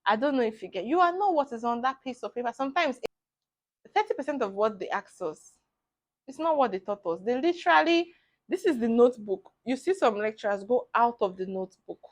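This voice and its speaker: A young Nigerian woman in her twenties, a medical student giving bubbly, animated advice in a casual vlog, laughing often. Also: a little high, brisk.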